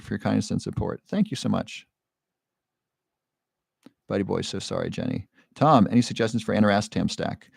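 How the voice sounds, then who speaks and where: A man hosting a live stream, reading viewer comments and coaching them with quick, earnest questions. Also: fairly low pitch, gravelly, dry recording, clean studio sound. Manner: encouraging, coaching with rapid questions; earnest, emotional at times. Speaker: livestream host.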